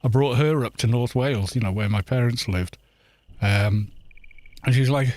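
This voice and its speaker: A man's voice: mid-range voice, moderate pace, darkish tone, no room sound. A middle-aged man with a London accent, chatting in a rambling way with viewers while he streams a game. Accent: London English. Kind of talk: casual chat while gaming.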